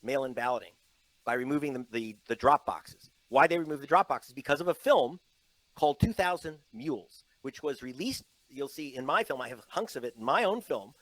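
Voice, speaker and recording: A man's voice: mid-range voice, expressive, brisk, a bit bright, no echo, poor audio. A man speaking as a journalist guest in an interview, emphatic and storytelling, slipping into mocking quoted voices. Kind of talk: animated interview talk. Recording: played from an online interview.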